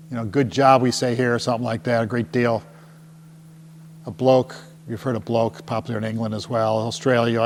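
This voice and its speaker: A middle-aged man, a tour company presenter, gives a casual, jokey talk to a small live audience and keeps asking the crowd "right?". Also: medium pitch. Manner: jokey and chatty, often asks the crowd "right?". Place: meeting room with a small audience. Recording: long hall reverb with faint hum.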